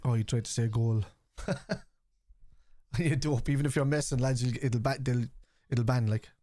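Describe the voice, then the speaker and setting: A man's voice: medium pitch, steady tone, moderate pace, warm tone, dry recording. A middle-aged Irish man who chats casually on a live football watchalong stream, swears, reacts to the match and answers viewers in chat. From Ireland. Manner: chatty, swears, reads out chat and reacts to play.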